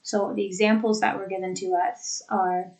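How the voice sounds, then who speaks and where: A woman teaching a pronunciation lesson, speaking deliberately and modeling example sentences. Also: medium pitch, little pitch movement, gravelly, a little mellow, poor audio. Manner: slow, deliberate, demonstrating phrasing by example.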